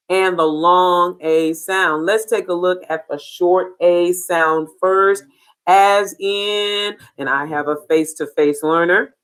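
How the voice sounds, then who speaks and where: A woman teacher giving an online phonics lesson, speaking patiently and sounding out each letter clearly. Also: lowish voice. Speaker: reading intervention teacher.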